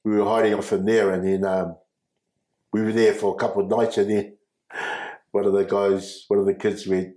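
A man, recounting his life as an interview guest, halting with restarts and frequent chuckles. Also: lowish voice, flat delivery, dark tone. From New Zealand. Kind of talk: personal storytelling. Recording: echoey room.

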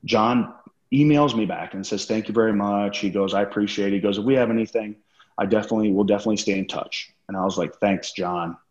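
Male podcast guest, very low voice, cursing storyteller, roomy lo-fi sound. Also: fast, darkish tone. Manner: profane, acts out quoted dialogue. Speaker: podcast guest, former wrestler. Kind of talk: casual storytelling interview.

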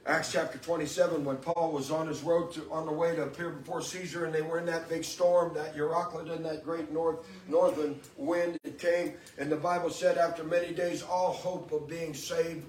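A man's voice: on the high side, level tone, normal speed, hardly any pauses, a little mellow. A man preaching a sermon with call and response, emphatic and building up to exclamations. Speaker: preacher and podcast host. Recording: echoey room, distant mic, faint noise.

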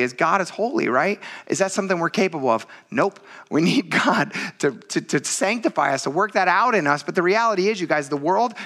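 Bright, lively man preaching. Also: a little high. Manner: conversational, animated storytelling with laughs. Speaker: pastor. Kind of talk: sermon.

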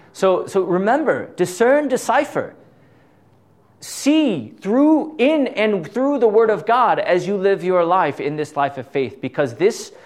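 A middle-aged man leading an informal Bible study, talkative, tossing out rhetorical questions, stammering and chuckling as he goes. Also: sits high. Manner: talkative, asks rhetorical questions, frequent "right?"; stammers and restarts, chuckles often.

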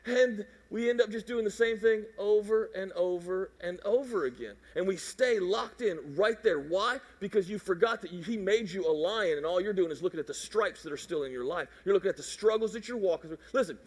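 High-voiced animated pastor. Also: male voice, a little fast, hardly any pauses, in a large hall. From Mississippi. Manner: animated, jokey, acts out voices and roars. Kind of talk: sermon.

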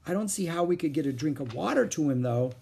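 A man reads as a practical neighbor boy in a storybook, talking in a blunt, matter-of-fact way. The voice is a little husky, with pitch that moves freely. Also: expressive, fast talker, a little mellow, heavily acted.

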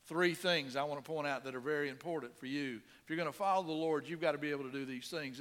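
Middle-aged preacher guy, bright tense voice, earnest sermon, goes soft then punchy. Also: a little high, long reverb tail. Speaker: pastor.

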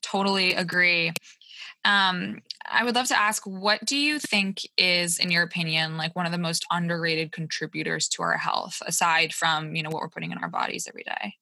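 A young woman hosts a podcast in a loose, friendly way, leaning on "like" as she talks. Her voice is low-pitched for a woman, with a bright edge and plenty of vocal fry, recorded dry and close to the mic. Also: moderate pace, no echo. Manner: friendly, casual, frequent "like" fillers. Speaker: podcast host. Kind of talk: casual podcast interview.

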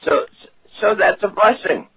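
A man's voice: sits high, expressive, a little slow, sharp tone, full character voice. A man putting on the voice of a confused, rambling elderly woman during a prank phone call. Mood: dithering. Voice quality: creaky, husky. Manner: rambling, repeats words, loses track. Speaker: prank caller.

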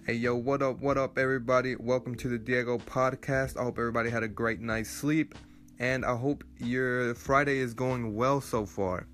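Faint music plays behind a young sports podcaster delivering a solo rant. He speaks at normal speed in a mid-range voice with fairly even intonation, though he swears angrily and his voice rises almost to shouts as his outrage builds.

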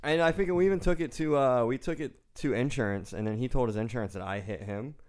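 A young man telling a heated story in a relaxed podcast chat. He swears freely and acts out shouted lines in his quotes. His voice sits at an ordinary middle pitch. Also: quick pace. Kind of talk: casual chat.

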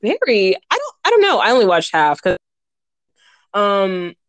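A woman chatting on a podcast, a lively storyteller who slips into quoted voices and laughs along the way. Her voice sits in a middle register, and the sound is dry and close. The talk is loose and unscripted. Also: medium pitch, a little slow, dry recording. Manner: animated storyteller, acts out quotes, laughs often. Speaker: podcast co-host. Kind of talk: casual podcast chat.

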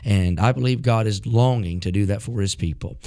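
A man's voice: on the low side, a little fast, mellow. A man preaching a sermon from rural mountain country, building fervent rhythmic repetitions.

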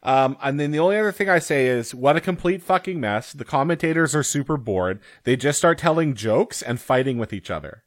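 A man's voice: medium pitch, expressive, a little fast, few pauses, dry recording, studio quality. Exasperated young podcast co-host man. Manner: exasperated, sarcastic commentary. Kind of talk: casual podcast chat.

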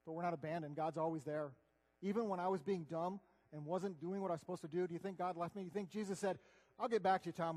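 A man giving an earnest, conversational sermon, swinging between loud declarations and hushed asides. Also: fairly high pitch. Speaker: preacher. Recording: long hall reverb.

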